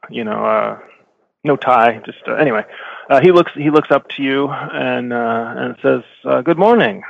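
A man with a gravelly, medium-pitched voice narrates as game master in a tabletop game, slow and halting, often stopping to search for words amid many fillers and self-corrections. The dry recording sounds slightly dull.

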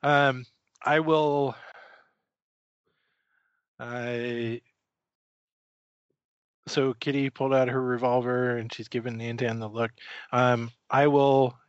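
A man's voice: mid-range voice, level tone, slow pace, pauses often, clear, resonant tone, dry recording. A man playing in a tabletop game, asking playful questions as a player. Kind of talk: tabletop role-play. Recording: dry muffled audio.

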